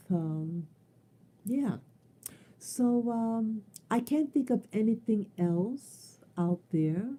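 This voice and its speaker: A woman's voice: mid-range voice, warm tone. A woman talking off the cuff on a live stream, blunt and emphatic, swearing freely and repeating her key phrases. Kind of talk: unscripted live stream monologue.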